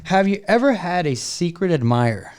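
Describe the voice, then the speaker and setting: A man's voice: high-pitched, sing-song, moderate pace, darkish tone, clean tone. A man hosting a casual podcast interview, laid-back and jokey, full of slang and "bro.". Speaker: podcast host.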